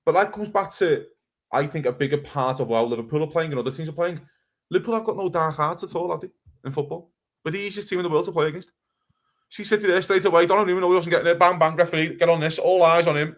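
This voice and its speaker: A man ranting heatedly about football on a casual podcast, swearing and talking fast. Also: on the high side, fairly bright tone. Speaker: podcast co-host.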